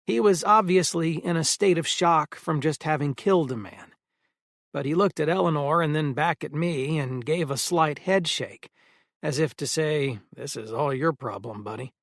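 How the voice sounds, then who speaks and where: A man narrating a first-person audiobook in a steady storytelling manner. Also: fairly high pitch, moderate pace, creaky, no echo, clean studio sound.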